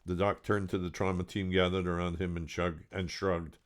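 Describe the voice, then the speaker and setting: A man's voice: low voice, little pitch movement, normal speed. A man reading aloud from his own novel with a dry, wry delivery. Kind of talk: serialized book reading.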